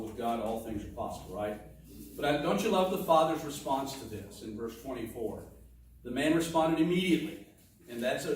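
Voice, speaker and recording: A man preaching a sermon in a conversational teaching manner, with asides and restarts. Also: medium pitch. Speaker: pastor. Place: church sanctuary. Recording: echoey room, distant mic, faint noise.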